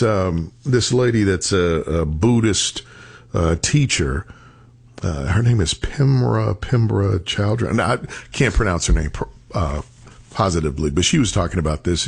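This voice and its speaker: A man giving a reflective motivational talk, telling stories and slowing down on key words for emphasis. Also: lowish voice, slightly rough. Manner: storytelling, acts out quoted voices, slows for emphasis.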